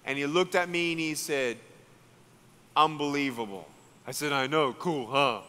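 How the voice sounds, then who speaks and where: Bright-voiced Australian preacher in a big hall. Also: male voice, fairly high pitch, moderate pace, a little hiss or hum. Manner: storytelling preacher, acting out dialogue, building to loud climaxes. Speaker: evangelist. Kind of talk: sermon. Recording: long hall reverb.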